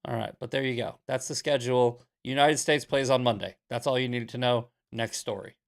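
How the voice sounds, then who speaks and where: A young adult man hosting a casual commentary show, blunt and sarcastic, telling stories in an animated way. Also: mid-range voice, brisk, creaky. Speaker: podcast host. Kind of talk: casual commentary, reading questions.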